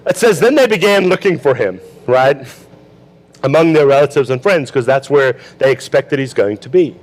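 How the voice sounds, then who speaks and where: A man's voice: medium pitch, lively intonation, normal speed, poor audio. A male pastor preaching a sermon in a conversational way, asking the congregation questions and acting out Bible quotes.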